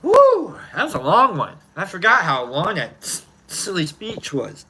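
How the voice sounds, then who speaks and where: A man hosting his own show in a casual chat, rambling loosely and sighing out loud between remarks. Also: a little high, sing-song, moderate pace, noisy background. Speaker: host.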